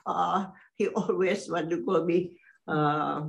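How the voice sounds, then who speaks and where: A woman in her eighties giving a faith testimony in an interview, often pausing to search for words and laughing between thoughts. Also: on the low side, fairly even intonation, vocal fry, muffled recording, noisy background. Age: 80s.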